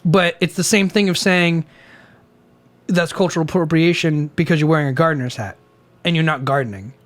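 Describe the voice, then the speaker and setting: A man's voice: a little high, a little fast. Rambling, laughing young man co-host. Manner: rambling, laughs often, many restarts. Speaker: podcast co-host. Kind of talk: casual chat over beers.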